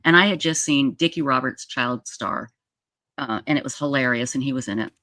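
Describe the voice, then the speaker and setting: A livestream host from Utah, in her sixties, chats her way through a long personal story, rambling and frequently restarting. Her voice rumbles low yet sounds bright and forceful, and she talks briskly. Slight background noise comes through her streaming setup mic.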